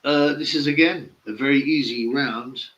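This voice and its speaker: Blunt man with a bright voice. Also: medium pitch, normal speed, dull audio. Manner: blunt, mocking and opinionated. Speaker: live-stream boxing commentator. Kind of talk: casual live-stream commentary.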